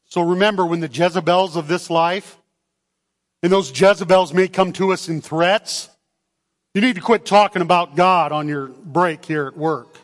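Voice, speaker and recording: A man preaching a sermon to his church, animated and calling out for amens. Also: high voice, moderate pace. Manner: animated, calls for amens, acts out voices. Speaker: pastor. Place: church sanctuary. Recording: long hall reverb.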